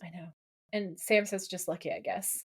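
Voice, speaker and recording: A woman co-hosting a podcast casually recaps a TV episode, retelling scenes by reading out lines and using many fillers. Her voice is fairly low and steady, at normal speed, with a breathy edge.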